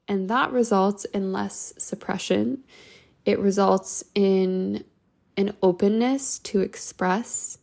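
Young woman podcaster, a bit of vocal fry, gentle and reflective, rambly casual talk. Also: mid-range voice. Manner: gentle, reflective, speaks in loose flowing sentences with frequent "like" and "you know". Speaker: podcast host.

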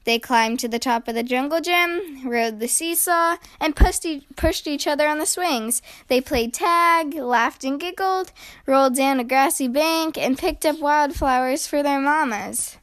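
A woman reading a children's picture book aloud in a slow, gentle, expressive way. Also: sits high. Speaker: storyteller.

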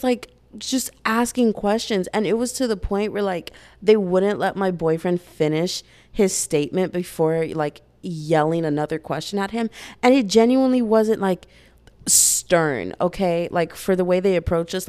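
A young woman recounting a story to her camera in a casual, chatty vlog. She talks in an animated rush, loaded with fillers, and her mid-range voice carries a steady gravelly fry. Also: mid-range voice. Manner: animated, fast-talking, many fillers, voices quoted lines loudly. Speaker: vlogger telling a story.

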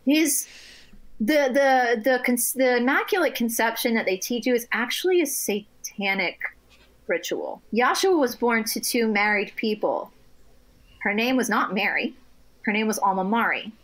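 A woman on a podcast telling stories in casual chat, animated, laughing often and restarting her sentences. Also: a little high, moderate pace. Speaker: guest.

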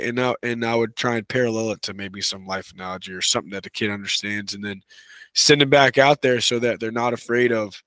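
A man talking as a wrestling coach and podcast guest in a relaxed, casual way, full of "you know" and "right.". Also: mid-range voice, no room sound. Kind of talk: casual conversational interview.

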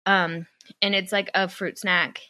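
This is a young woman, a podcast co-host, whose lowish voice comes through on a dry recording. Telling a story in casual chat, she gets animated, quickly performs what others said, and swears when annoyed.

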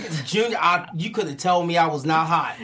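A woman in her thirties co-hosting a casual group chat about a TV show, an animated storyteller with a slangy, playful way of talking. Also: low voice, brisk, over a noisy crowd. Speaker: podcast co-host.

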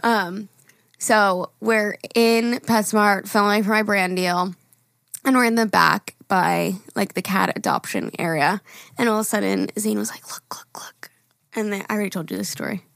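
A woman's voice: medium pitch, normal speed, creaky, fairly bright tone, dry recording, studio quality. A young woman co-hosting a podcast, telling stories in a chatty casual way with frequent laughs and casual swearing. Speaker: podcast co-host. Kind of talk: casual chat.

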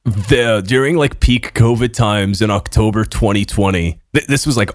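A man's voice: lowish voice, dry recording, studio quality. A young man from Belgium, a podcast co-host telling stories in casual banter and swearing freely. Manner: swears freely, quick storytelling bursts.

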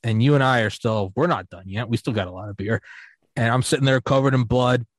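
A man's voice: medium pitch, brisk, no echo, studio quality. A man hosting a podcast, telling a rambling, profane drinking story in casual chat. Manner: rambling and profane, full of fillers and restarts. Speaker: podcast host.

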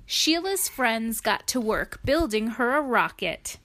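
Brief: woman reading aloud to a child, slow, gentle, playful asides. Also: on the high side, big pitch swings. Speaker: reader to a child. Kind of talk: reading a picture book aloud.

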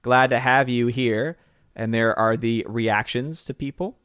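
A man's voice: mid-range voice, steady tone, unhurried, a bit bright, clean tone, dry recording, clean studio sound. A man hosting a casual live stream, greeting viewers by name and reading chat comments. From southern United States. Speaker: livestream host.

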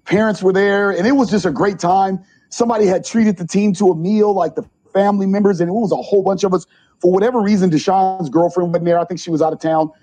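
A middle-aged man, a junior college basketball coach, telling animated stories in an interview and acting out the quotes. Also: high-pitched, fast talker, breathy edge. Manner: animated storyteller, acts out quotes. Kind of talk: interview storytelling.

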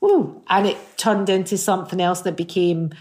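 A woman in her fifties with a Scottish accent, a singer chatting as a guest, telling animated stories full of restarts. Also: fairly low pitch, moderate pace. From Scotland. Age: 50s. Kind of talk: casual interview chat.

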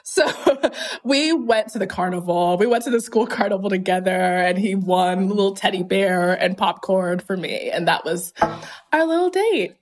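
A woman from Phoenix, Arizona, chatting as an interview guest in a voice of middling pitch. She tells her stories candidly, pokes fun at herself, and laughs often. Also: expressive, moderate pace. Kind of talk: casual interview.

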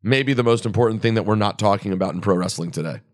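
A man hosting a podcast in casual chat, joking and excitably teasing his co-hosts. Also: lowish voice, dry recording, studio quality. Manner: joking, excitable, quick to tease. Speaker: podcast host. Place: podcast studio.

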